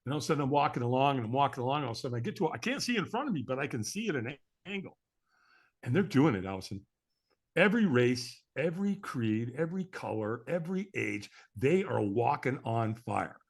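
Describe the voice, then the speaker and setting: Lively middle-aged man telling a story. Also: medium pitch, fast, gravelly. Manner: acts out the voices of people in his story. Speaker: podcast guest. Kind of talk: animated storytelling.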